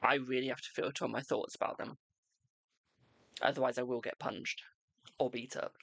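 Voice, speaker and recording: A young adult tarot reader hosts a live stream in loose, unscripted chat. The voice sits at a middling pitch with a gravelly rasp running through it, and the sound is close and dry with no room around it. The delivery is blunt and frank, with a self-mocking edge. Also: steady tone, normal speed, fairly bright tone, dry recording. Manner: blunt, chatty, self-deprecating.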